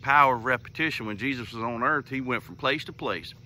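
Folksy man, bright voice. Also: mid-range voice, fairly quick. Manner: folksy, homespun storytelling. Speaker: host of a morning devotional commentary. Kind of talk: casual faith talk.

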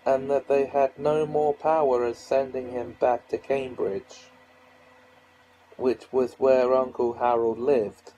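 A man reading a children's novel aloud in a measured storytelling manner. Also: mid-range voice, mellow, husky, low-quality recording. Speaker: audiobook reader.

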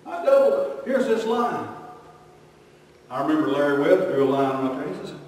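Animated preacher echoing in a hall. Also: male voice, a little high, normal speed. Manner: animated storytelling with acted-out voices. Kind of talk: sermon. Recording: echoey hall from far off.

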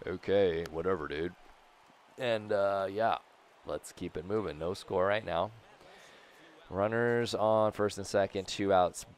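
A man's voice: low voice, a little slow. A young man rambling and joking to viewers while commentating a video game he is playing. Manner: rambling, jokey, talks to viewers; bursts into loud shouting at big plays. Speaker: gaming video host. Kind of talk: casual gameplay commentary.

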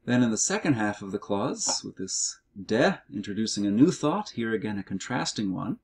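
A middle-aged man explaining grammar in a recorded language lesson walkthrough, reading words out slowly and methodically. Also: fairly low pitch, very animated, slightly rough. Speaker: Greek teacher.

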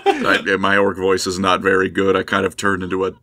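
A man joking in a casual podcast conversation, delivering quick, dry one-liners. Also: low voice, monotone, a crowd in the background.

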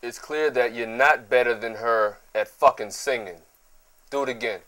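A man's voice: medium pitch, moderate pace, bright, forceful tone, natural voice. A man playing a crude, insulting male music producer who tears apart a singer's takes with profane put-downs. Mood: scornful. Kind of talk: comedy sketch acting.

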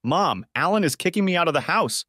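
A man's voice: fairly high pitch, expressive, fairly quick, no room sound, studio quality, pitched above the performer's own voice, natural voice. A man reading an audiobook, voicing a remorseful middle-aged wife who begs and cries. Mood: pleading. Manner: tearful, begging. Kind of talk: audiobook character voice.

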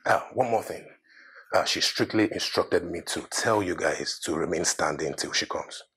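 An actor playing a nervous household servant who gives anxious warnings, partly whispered. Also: male voice, low-pitched, normal speed, a bit bright, husky, full character voice. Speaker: household staff. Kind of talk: scripted drama acting.

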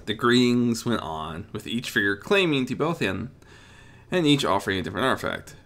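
A man narrating a dramatic reading of a story in an expressive, animated way. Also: lowish voice, fairly quick. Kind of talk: dramatic fan fiction reading.

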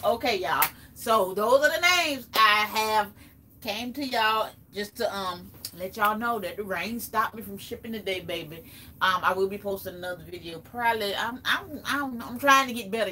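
A woman with a Southern US accent talks on a casual live stream, her voice bright and forward. She drawls and chats straight to her viewers, calling out their names one by one. She sits a little back from her phone at home, with a faint hum in the background. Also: medium pitch. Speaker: live-stream host and small seller. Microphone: phone or camera set back from her.

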